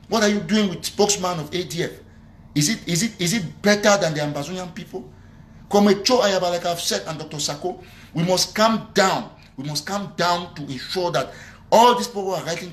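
Man, higher-pitched voice, earnest and pleading, repetitive live appeal. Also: a bit bright. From Cameroon. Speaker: activist speaking on a live show.

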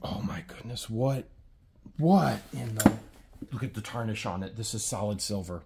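A man hosting a treasure hunting vlog, talking excitedly in wonder as he digs through what he found. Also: lowish voice, normal speed, creaky, very noisy. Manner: excitable, keeps exclaiming in wonder. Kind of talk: casual unboxing commentary.

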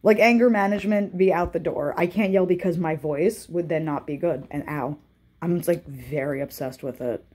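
A woman co-hosting a casual chat, bubbly and quick to laugh, sometimes slipping into a joking valley-girl voice. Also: fairly low pitch, a little mellow, slightly rough. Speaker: podcast co-host.

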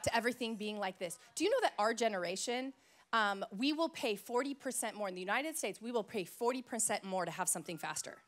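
Woman pastor from idaho, fairly high voice, preaching a sermon in church, chatty and playful, lots of stories. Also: brisk. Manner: storytelling, playful and lively.

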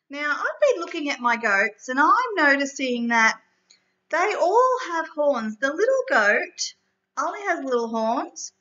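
A woman teacher reading a story aloud and leading a writing lesson for young children, clear and expressive. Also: high voice. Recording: echoey room from far off, dull.

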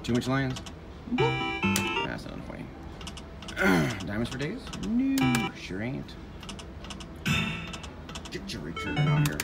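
Male slots vlogger, foul-mouthed and teasing, very animated voice, unhurried delivery. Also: fairly low pitch, vocal fry. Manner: profane, excitable, cursing at the machine; teasing, jokey asides. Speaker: slot machine gambling vlogger. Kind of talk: live commentary while playing slots. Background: loud slot machine music and chimes.

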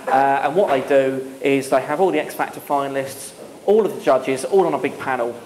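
A man telling a lively story to an audience at a live talk, laughing often and using many fillers. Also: medium pitch, fairly quick, a little hiss or hum. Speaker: guest speaker. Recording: echoey hall with long reverb.

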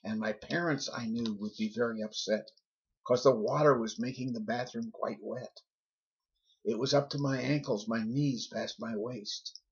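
A man reading a rhyming children's story aloud with a lively, rhythmic delivery. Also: medium pitch, measured pace, slightly rough. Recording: dull lo-fi recording.

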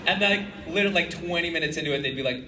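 A man's voice: fairly high pitch, very fast, slight background noise. A man, a voice actor on a convention panel, telling stories with lots of laughter. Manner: animated storyteller, laughs often. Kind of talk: casual panel chat. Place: convention hall stage. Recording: echoey hall with crowd, distant mic. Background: audience crowd.

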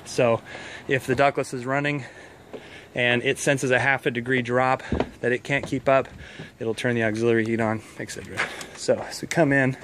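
A man's voice: medium pitch, little pitch movement, normal speed, background noise. Slightly winded man on a walkthrough. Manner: chatty, explains on the move with many fillers. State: a little out of breath. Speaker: heating contractor giving a walkthrough. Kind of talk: casual walkthrough. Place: house, indoors and outdoors.

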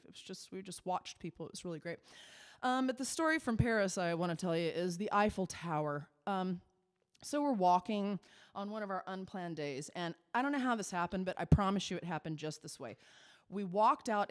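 A woman cabaret performer telling a chatty, animated story on stage. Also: mid-range voice. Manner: chatty, animated, quick asides.

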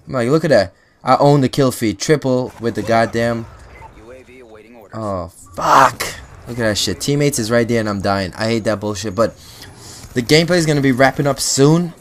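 A man's voice: on the low side, normal speed, a little hiss or hum. A young man giving casual gameplay commentary for his channel, boastful and full of profane trash talk. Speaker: gaming channel host.

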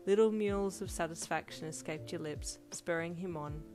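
A woman narrating a second-person fan fiction audiobook in a steady storytelling read. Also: on the low side, normal speed. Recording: loud music bed under voice.

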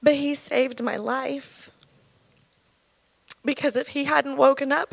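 A woman in her thirties giving an earnest, halting personal testimony at church, her voice shaken with emotion. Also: high voice, fairly even intonation, gravelly, no room sound, poor audio. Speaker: church speaker sharing testimony.

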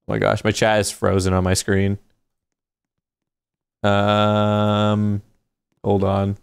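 A man livestreaming a video game, chatting casually and reacting out loud as he plays. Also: lowish voice, completely flat delivery, slow, creaky, long pauses, smooth, dry recording. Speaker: gaming streamer. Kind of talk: casual live gameplay commentary.

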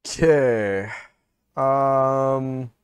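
A man's voice: mid-range voice, very slow, clean tone, no echo. A man streaming a puzzle game, thinking aloud, muttering and counting under his breath and often trailing off. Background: game music.

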